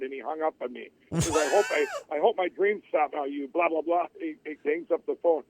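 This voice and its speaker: A middle-aged man, his voice on the high side and fairly quick, tells his life story as an interview guest. He rambles, restarts often, and acts out what other people said. The audio is tinny, like a phone line, with slight background noise.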